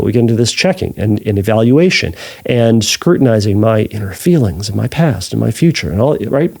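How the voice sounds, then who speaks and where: A man's voice: mid-range voice, vocal fry, darkish tone. A man who is a therapist hosts a podcast, answering a listener's question in a thoughtful way with frequent restarts.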